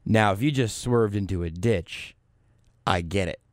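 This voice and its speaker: A man hosting a talk radio show, riffing wryly with a deadpan edge and frequent restarts. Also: on the low side, measured pace, no echo, clean studio sound. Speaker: radio host. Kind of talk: casual talk-radio banter. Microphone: studio microphone.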